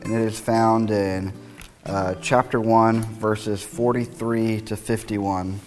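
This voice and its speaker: A man's voice: lowish voice, level tone, takes it slowly, darkish tone, soft background music. A male pastor reading scripture aloud, then preaching in a conversational, reflective way with wry asides.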